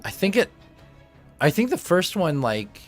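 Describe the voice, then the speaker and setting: A man running a tabletop game as game master, chatty and animated, often laughing as he talks through the rules. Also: high-pitched, unhurried, faint music behind.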